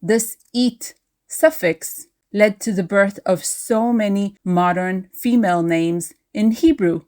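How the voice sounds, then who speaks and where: A woman's voice: medium pitch, measured pace, darkish tone. A woman teaching a Hebrew lesson, carefully spelling out and repeating pronunciations. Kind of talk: slow, careful language lesson.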